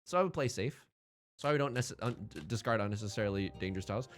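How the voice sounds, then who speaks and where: A young man streaming a tile game, rambling and self-deprecating as he thinks out loud. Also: on the low side, rapid-fire, faint music behind. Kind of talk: casual game commentary.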